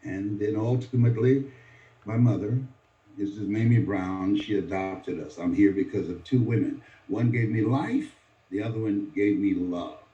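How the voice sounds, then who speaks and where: A Miami-born motivational speaker in his seventies uses dramatic storytelling and sweeping voice changes. His voice is fairly low and dark, at a moderate pace. It comes through a distant, echoey, dull lo-fi recording.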